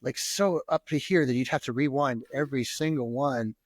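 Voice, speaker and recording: A man's voice: medium pitch, normal speed, dry recording, studio quality. A man co-hosting a podcast, reminiscing in casual chat with lots of ums and restarts. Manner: hesitant, many fillers and restarts. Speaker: podcast co-host.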